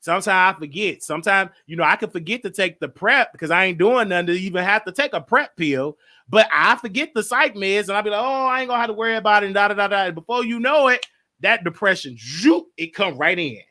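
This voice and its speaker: A male show host speaking in a high voice with a bright, forward tone. He rambles and circles back on the same words, and he talks openly and emotionally about his own mental health. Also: lively intonation, fairly quick. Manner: emotional, rambling, repeats himself. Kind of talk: casual monologue.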